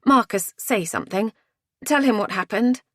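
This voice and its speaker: A woman reading as a fretful woman on holiday, talking fast and pressing the others to act. She sits a little above the narrator's own low voice, in a dry, close audiobook recording. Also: a bit bright, dry recording. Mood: anxious. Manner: anxious, urgent. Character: anxious British woman on holiday.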